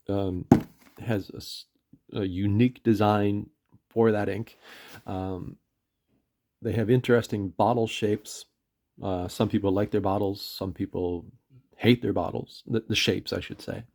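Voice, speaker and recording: A man's voice: on the low side, a little mellow. A man with a Canadian accent reviewing his favourite inks in a casual, rambling vlog, full of hesitations, fillers and self-corrections. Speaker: pen and ink reviewer.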